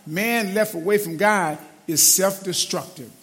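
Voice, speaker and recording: A man's voice: sits high, measured pace, fairly bright tone. A middle-aged man preaching a sermon in a loose, conversational way, often calling the listeners "man". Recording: long hall reverb.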